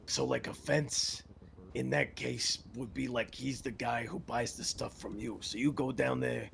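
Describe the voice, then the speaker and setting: A man's voice: medium pitch, steady tone, a little slow, gravelly, fairly bright tone, slight background noise. A man chatting in character in a role-play game, rambling with lots of filler words. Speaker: roleplay game player. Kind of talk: casual in-character chat.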